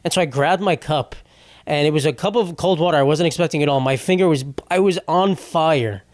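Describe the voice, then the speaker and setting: A man's voice: on the high side, a little fast, darkish tone, no echo, clean studio sound. A young man hosting a solo comedy podcast, ranting in a rambling, profane, exasperated way. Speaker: podcast host.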